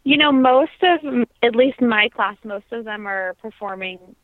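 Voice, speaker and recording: A young woman, a trained singer, reflecting earnestly in an interview, pausing often with ums and restarts. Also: on the high side, dry recording. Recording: dry, tinny phone-like line.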